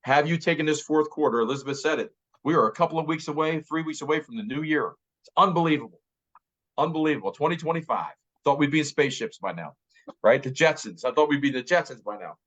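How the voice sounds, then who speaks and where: A man's voice: on the high side, animated, fast, a bit bright. A man in his fifties giving an emphatic motivational talk as a real estate director, repeating key phrases. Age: 50s. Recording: slightly muffled audio.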